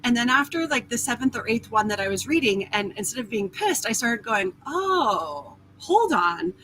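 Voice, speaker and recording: A woman hosting a casual live stream, chatting through viewer comments in an animated, candid way, swearing freely and laughing often. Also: on the high side, brisk, a little hiss or hum. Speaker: host of a live talk stream.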